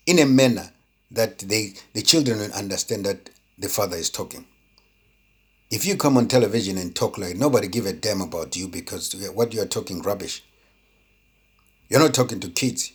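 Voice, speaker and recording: A man's voice: sits low, breathy edge. A man giving an impassioned opinion monologue, indignant and full of rhetorical questions, stumbling over repeated words when heated. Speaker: political commentator.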